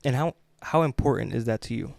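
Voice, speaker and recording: A man's voice: medium pitch, fast, gravelly, darkish tone, no echo. A man hosting a podcast, asking questions in a casual, hesitant way with many fillers. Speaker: podcast host. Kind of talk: casual interview.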